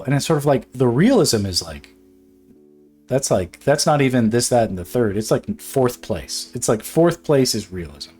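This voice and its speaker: A man's voice: medium pitch, darkish tone, slightly rough. Rambling, profane man chatting while drawing. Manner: rambling, profane, laughs often, many fillers and restarts. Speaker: illustrator streaming his drawing. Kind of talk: casual chat while drawing.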